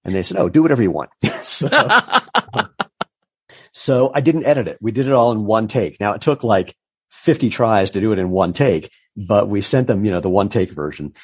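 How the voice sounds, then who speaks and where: A man's voice: lowish voice, normal speed, slightly rough, dry recording. A man in his fifties, a business founder being interviewed, telling stories and acting out the voices of the people he quotes. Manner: animated storyteller who acts out quoted voices. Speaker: entrepreneur guest. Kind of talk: casual interview storytelling.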